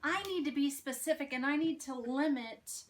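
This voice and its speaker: A woman's voice: high voice, moderate pace, a crowd in the background. A woman teaching a grammar lesson to her children at home, patiently explaining with examples and checking in with "right?". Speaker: homeschool teacher. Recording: distant mic with faint noise.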